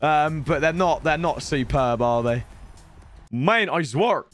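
A young man, streaming a pack opening, slightly hoarse. He talks in an excitable way, swinging between shouting and grumbling. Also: a little high, slow pace, faint music behind.

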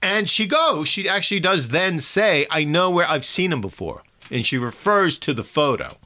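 Man, film podcast co-host, eager chiming in, bright lively voice. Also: a little high. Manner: enthusiastic, chimes in, quick reactions. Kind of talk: casual film discussion.

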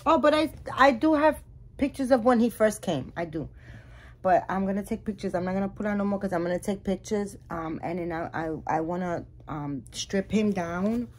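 A woman vlogging about her reborn dolls, telling a story in a chatty, animated way with many restarts and asides to viewers. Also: medium pitch, moderate pace, slight background noise. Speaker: doll collector YouTuber. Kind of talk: casual vlog storytelling.

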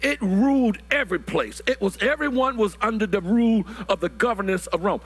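A man, preaching a sermon that builds to shouted, drawn-out phrases, often repeating words. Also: sits high. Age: 60s.

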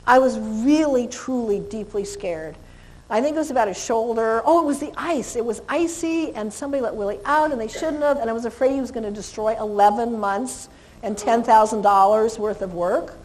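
The audio is poor in this fairly quick-paced seminar talk by a woman who trains dogs. Before her live audience she's animated, laughs often, and sings names in a high voice.

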